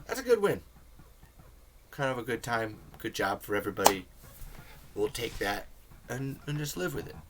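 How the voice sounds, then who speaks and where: A man's voice: fairly low pitch, a bit bright, slight background noise. A man hosting a casual film commentary, talking in a rambling, enthusiastic way full of fillers. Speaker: film commentary video host.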